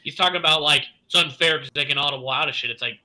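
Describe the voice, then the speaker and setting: Fired-up man with a sharp bright voice. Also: a little high, very fast, rough recording. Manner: excitable, fired-up rants with profanity. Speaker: podcast co-host. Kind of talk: casual sports podcast chat.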